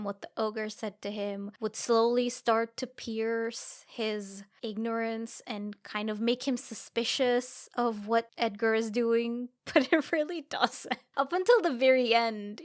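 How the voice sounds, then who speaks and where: Wry young woman with a higher voice. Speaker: podcast co-host. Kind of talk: casual film discussion.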